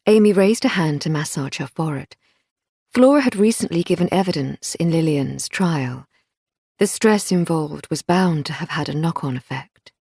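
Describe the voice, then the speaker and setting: Female narrator, measured thriller read; lowish husky voice, close and dry. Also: lively intonation, a little mellow, no echo. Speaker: audiobook narrator. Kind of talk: scripted narration.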